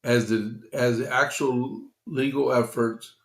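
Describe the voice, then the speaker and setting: A man hosting a conservative news podcast, talking slowly with many fillers and restarts while congested, reading from opinion pieces. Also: mid-range voice, fairly even intonation, reverberant. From Texas. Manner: slow, halting, with frequent fillers and restarts. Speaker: podcast host.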